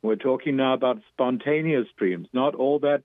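Fast, fervent man with a New York accent on a phone line. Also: medium pitch, no room sound. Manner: fast, fervent, with frequent restarts. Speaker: author and dream teacher. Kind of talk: interview guest, passionate explanation.

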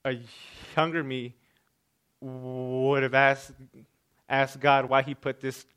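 Bright-voiced young man who stutters. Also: mid-range voice, completely flat delivery, slow pace, smooth. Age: 20s. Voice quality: stutters, repeating sounds and words. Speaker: speaker sharing his story. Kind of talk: personal storytelling speech.

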